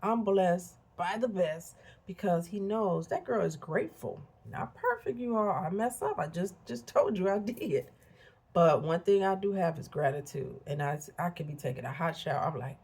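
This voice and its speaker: A woman's voice: fairly low pitch, moderate pace, darkish tone, breathy edge. A middle-aged woman giving earnest, preachy motivational talk straight to her viewers. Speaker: motivational vlogger. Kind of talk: casual motivational talk to camera.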